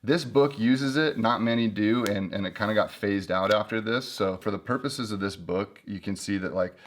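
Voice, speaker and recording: A man's voice: on the low side, moderate pace, slight background noise. A man hosting a casual book review video, chatting and joking as he flips through an old guidebook.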